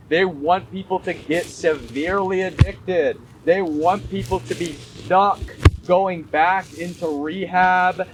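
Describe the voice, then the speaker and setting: A man giving a casual commentary, emphatic and repetitive, ranting conspiratorially and calling his viewers y'all. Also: high voice. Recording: noisy background.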